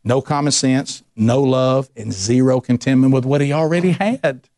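A male pastor delivering a sermon in a lively, conversational preaching style. He restarts phrases and stacks repetitions as he builds a point, and his voice climbs in pitch whenever he leans into an emphasis. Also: moderate pace. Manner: animated preaching with frequent restarts and rising emphasis.

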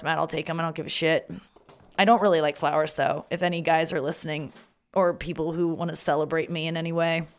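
A woman hosting a podcast in a rambling, casual monologue, swearing freely and joking at her own expense. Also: on the low side. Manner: chatty, rambling, profane and self-mocking. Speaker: podcast host.

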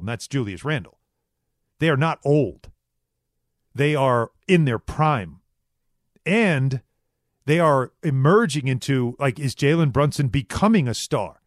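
A man's voice: mid-range voice, dry recording, clean studio sound. A man hosting a sports radio show, talking casually and repeating himself as he builds his points. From New York.

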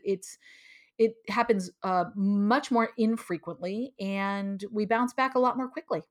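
A middle-aged woman speaking as a guest author in a casual interview. She talks expressively and emphatically, and she acts out her own reactions in quoted asides. Her voice sits at an ordinary middle pitch.

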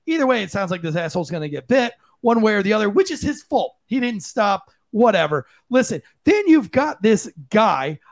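A man's voice: sits high, sing-song, normal speed, few pauses. A man and former police officer giving blunt, profane, impassioned commentary on a podcast. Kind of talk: heated opinion commentary.

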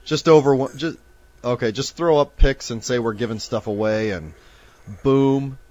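A chatty man in his thirties from Nebraska hosts a live sports card stream. He talks at an ordinary mid pitch, rattling off giveaway lists and jokes with his viewers. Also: normal speed, a little mellow, no room sound. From Omaha, Nebraska. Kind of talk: casual live-stream chat.

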